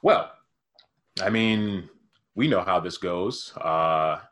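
A man with a very deep voice co-hosts a casual podcast. He is jokey and a little theatrical, and he pokes fun at himself. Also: slow, a bit bright. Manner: jokey, theatrical, self-mocking. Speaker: podcast co-host. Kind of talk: casual chat.

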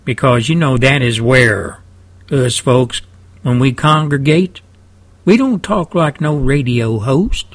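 A man's voice: mid-range voice, lively intonation, slow pace. A man with a Texan accent hosting a radio show from his studio, talking in a folksy, rambling way. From South Texas. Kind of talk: folksy talk radio monologue.

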